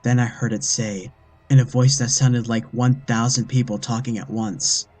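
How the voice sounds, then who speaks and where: A man narrating a horror story in a first-person scripted read, earnest and steady. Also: moderate pace. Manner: earnest storytelling, with the mother's lines put on higher. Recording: faint music bed behind.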